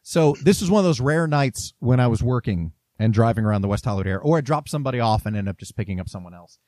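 A man's voice: medium pitch, animated, fast talker, dark tone, dry recording. A man casually chatting and telling a story as a podcast host, laughing often. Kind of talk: casual chat.

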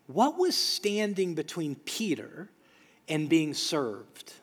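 A man's voice: on the high side, huge pitch swings, slow pace, slightly rough. A man preaching a sermon as a pastor, earnest and emphatic, repeating phrases for weight. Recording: long hall reverb.

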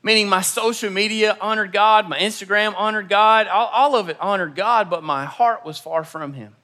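Bright high-voiced young male preacher. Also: moderate pace. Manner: storytelling, acts out quoted dialogue. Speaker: pastor. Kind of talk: sermon. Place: church auditorium.

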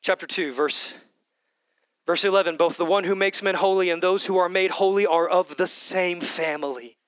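A man preaching a sermon with passion, repeating phrases and swinging from loud calls down to whispers. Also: high voice, fairly even intonation, moderate pace, clean tone, no echo.

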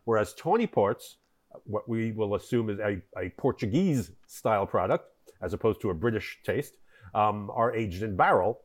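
Here the wine importer, a podcast guest, goes on at length about history in a conversational interview. His fairly low voice is animated and moves at normal speed, punctuated by many fillers and restarts.

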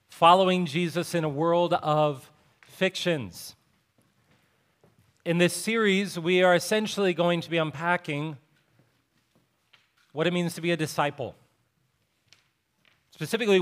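A man in his thirties delivers a church sermon, his voice sitting a little high for a man. He speaks like he is talking with friends, easing into personal stories and poking fun at himself. The feel is easygoing and conversational, not formal preaching. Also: a bit bright. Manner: conversational storytelling with self-deprecating humor. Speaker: pastor. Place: church sanctuary.

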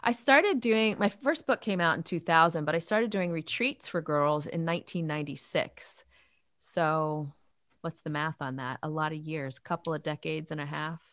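Woman in her fifties, youth ministry leader, earnest, animated, lower voice, dry close sound. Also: normal speed, no echo. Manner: earnest, animated storytelling with faith talk. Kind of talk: interview answers.

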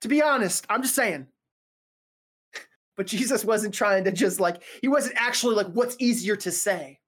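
A woman's voice: medium pitch, normal speed, a bit bright. A woman preaching a casual sermon, talking conversationally with joking, slangy asides.

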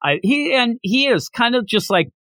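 A man's voice: very high voice, lively intonation, normal speed, bright, forceful tone, dry recording, studio quality. A man co-hosting a casual manga discussion podcast, animatedly recapping scenes and acting out the characters' lines. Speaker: podcast co-host.

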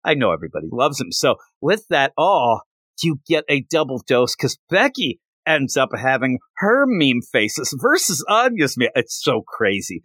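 A man's voice: medium pitch, very animated, normal speed, fairly bright tone, no echo. Rambling man recapping comics, dry sound. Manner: enthusiastic, rambling retelling. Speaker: podcast host. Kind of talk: casual manga chapter recap.

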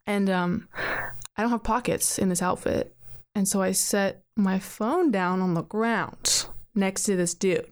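Young woman podcast co-host, casual storyteller, chatty and animated, everyday pitch. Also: measured pace. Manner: animated storyteller, lots of fillers and quoted asides.

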